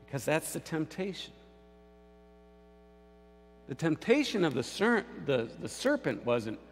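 A man's voice: fairly high pitch, very animated, unhurried, long pauses. A male pastor giving a sermon in a church, telling the story dramatically and acting out the voices. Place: church sanctuary. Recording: long church reverb, faint music.

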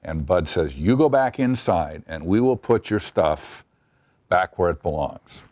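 A man's voice: low-pitched, expressive, unhurried, a little mellow, no echo, clean studio sound. A middle-aged man telling a wry story from his past in an interview, acting out the quotes. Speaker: TV writer recalling a story. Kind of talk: interview anecdote.

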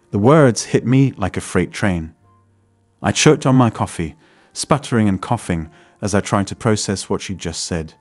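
Man, low voice, first-person story narration, dry close sound, faint music behind. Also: normal speed, dry recording.

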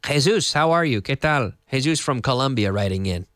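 Brief: male teacher, animated delivery, dry close sound. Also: medium pitch, dry recording. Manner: lively, explains slowly with repetition and Spanish glosses. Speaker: English teacher. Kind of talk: casual online English lesson for Spanish speakers. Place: in Madrid.

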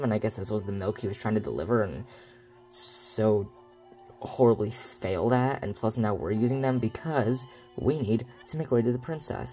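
Sarcastic rambling gamer, mellow tone. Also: male voice, lowish voice. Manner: rambling, sarcastic, self-mocking. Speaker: let's play host. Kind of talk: let's play commentary.

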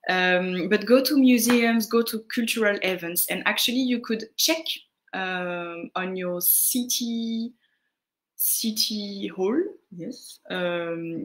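A woman with a French accent giving casual French lessons, answering viewer questions with frequent pauses and fillers. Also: mid-range voice, a bit bright. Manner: unhurried, answering viewer questions, greets chatters; hesitant, many fillers. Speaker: French tutor on a live stream.

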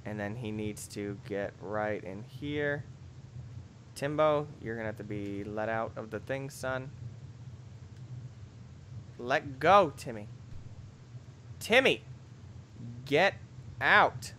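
A young man giving excitable, jokey commentary over a video game, bursting into shrieks and yells. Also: medium pitch, slow pace, long pauses, slight background noise. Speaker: gameplay commentator. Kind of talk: let's play commentary.

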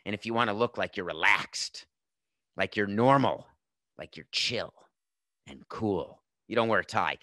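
A man's voice: fairly low pitch, pushed and bright, dry recording, studio quality. A man in his fifties hosting a sports podcast, giving opinionated commentary with emphatic, sarcastic rhetorical questions. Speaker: podcast host.

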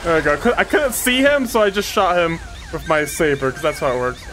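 A woman commentating her gameplay casually, excitable, swearing and trash-talking enemies. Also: low voice, fairly quick, background noise. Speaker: gaming streamer.

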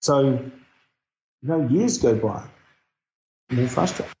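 A man's voice: medium pitch, expressive, slow, warm tone, slight background noise. A middle-aged man from New Zealand with a New Zealand accent, telling a personal story in an earnest, reflective way during an interview. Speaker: guest speaker. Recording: dull, echoey recording.

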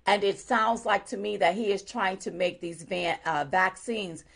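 A woman's voice: medium pitch, fairly even intonation, moderate pace, gravelly, a bit bright. A woman co-hosting a casual livestream chat, talking emphatically and greeting viewers by name. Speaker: co-host.

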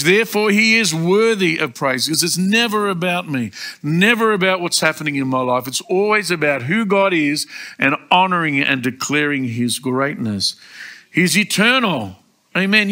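An Australian man preaching a sermon in a church, emphatic and rising to loud exclamations, acting out quoted prayers. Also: mid-range voice. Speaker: pastor. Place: church service.

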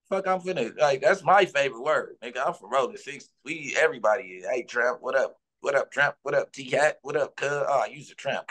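A man from Los Angeles, speaking as a guest in an interview. He talks heatedly and insistently in a profane street slang, with a voice of ordinary, middle pitch. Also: a bit bright.

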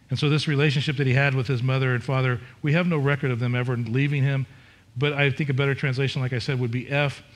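A middle-aged pastor preaches a sermon at medium pitch, sounding candid and conversational. He frequently restarts and repeats himself.

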